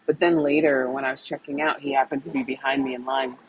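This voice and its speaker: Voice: mid-range voice, level tone, fast talker, muffled recording, a crowd in the background. A co-host telling a story in casual conversation, chatty, laughing often and acting out dialogue.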